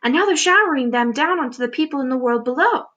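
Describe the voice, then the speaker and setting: A woman voicing a young boy in a storybook, speaking softly and urgently. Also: high-pitched, expressive, fast, lo-fi sound, voice pushed up. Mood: excited whisper. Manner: hushed, then urgent warnings.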